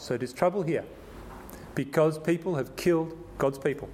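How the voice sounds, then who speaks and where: A man preaching through a Bible passage, stumbling and restarting as he explains, then reading scripture slowly and with emphasis. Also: on the high side, darkish tone, slight background noise. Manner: conversational, with frequent restarts and repetitions. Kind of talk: sermon, Bible exposition.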